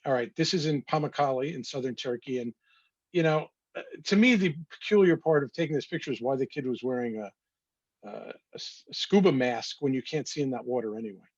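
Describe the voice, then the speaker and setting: A man's voice: mid-range voice, fairly quick, a little mellow, slightly rough, no echo, lo-fi sound. A man, a photographer talking casually through his slides with wry, anecdotal asides. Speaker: photographer presenting his work.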